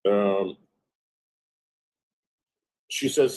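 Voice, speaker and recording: A man's voice: on the low side, unhurried, pauses often, a little mellow, breathy edge, rough recording. A man hosting a livestream, reading out a long exchange of private messages with frequent "I said, she goes" narration and casual, profane asides. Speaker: livestream host.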